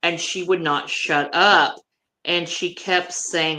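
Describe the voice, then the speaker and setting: Brash, bright-voiced woman telling a story. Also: sits low, steady tone, normal speed. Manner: brash, blunt, swears freely. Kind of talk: casual chat, storytelling.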